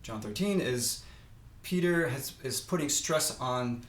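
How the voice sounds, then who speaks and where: A man's voice: mid-range voice, lively intonation, unhurried, a bit bright, a little hiss or hum. Thoughtful man explaining Greek, roomy sound. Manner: thoughtful, hesitant, restarts mid-sentence. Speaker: Greek teacher. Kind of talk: explanatory podcast conversation.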